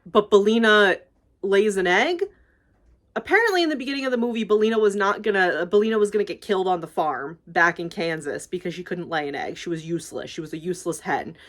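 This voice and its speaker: A woman's voice: medium pitch, fairly bright tone. A young woman YouTuber casually recapping a movie, rambling and gushing, swearing freely and filling with "like".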